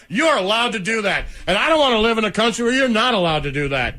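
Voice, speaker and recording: A man's voice: high-pitched, big pitch swings, fairly quick, sharp tone. A man co-hosting a casual sports radio show, making sarcastic points.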